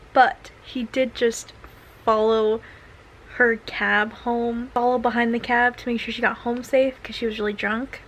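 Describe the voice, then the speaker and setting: A woman's voice: a little high, a bit bright, a little hiss or hum, rough recording. A young woman chatting through a casual read-along book review, filler-heavy and full of sarcastic asides.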